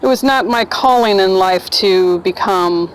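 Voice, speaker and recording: Woman, casual storytelling, chatty, rambling, mid pitch, faint background hum. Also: unhurried, rough recording. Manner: chatty, rambling, acts out quoted voices. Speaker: vlogger telling her own story.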